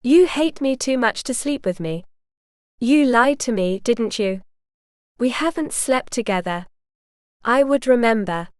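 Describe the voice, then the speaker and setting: A woman voicing a proud, stubborn young noblewoman who speaks indignantly and with a sharp tongue. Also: fairly high pitch, lively intonation, measured pace, no room sound, studio quality.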